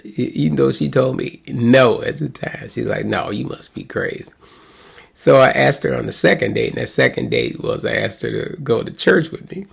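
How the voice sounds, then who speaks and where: A man's voice: medium pitch, vocal fry, husky. A middle-aged man, a pastor, casually telling a rambling story with chuckles and restarts. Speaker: pastor and host.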